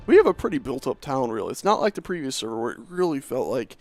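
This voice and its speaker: Talking fast with hardly any pauses and big pitch swings, a man with a medium-pitched, slightly mellow voice streams a building game. He keeps up chatty, self-mocking commentary to himself as soft music plays.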